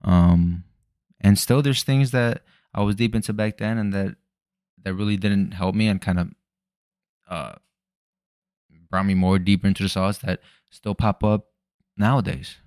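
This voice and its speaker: Laid-back young man with a deep voice. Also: measured pace, long pauses, a little mellow, smooth, dry recording, studio quality. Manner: loose, rambling, swears often. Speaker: podcast host. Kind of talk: casual solo podcast chat. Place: home room at night.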